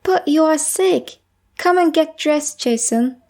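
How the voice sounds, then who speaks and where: A gentle storybook mom, patient and soothing, calling everyone honey, as a woman reader voices her. The voice is high and slow, a simple read-aloud for children. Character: caring mother, patient and gentle.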